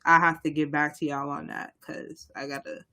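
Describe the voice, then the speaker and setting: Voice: medium pitch, little pitch movement, normal speed, pushed and bright. Emphatic young podcast co-host from Boston. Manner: rambling, frequent restarts, heated and emphatic. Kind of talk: casual chat on local politics.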